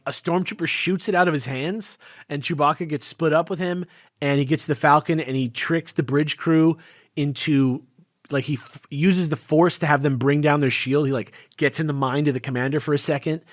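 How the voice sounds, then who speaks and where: A man's voice: fairly high pitch, steady tone, normal speed, no echo, studio quality. A young man co-hosting a podcast, casually recapping a comic book with loose, swearing banter. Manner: loose, laid-back recapping with lots of fillers and swearing. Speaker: podcast co-host.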